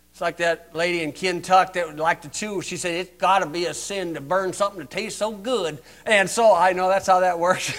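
An older American man preaching a sermon, mocking and sarcastic, swinging from loud emphasis to hushed asides. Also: sits high.

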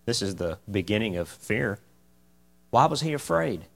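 A man teaching an informal Bible class in a folksy, animated way, often asking the group questions. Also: lowish voice, moderate pace, gravelly.

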